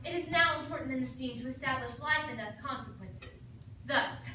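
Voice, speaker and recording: High, bright female comic, mock-serious tutorial delivery, recorded far off in an echoey room. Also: brisk, a little hiss or hum. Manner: mock-serious, overly dramatic. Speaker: comedy performer. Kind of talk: mock instructional comedy skit.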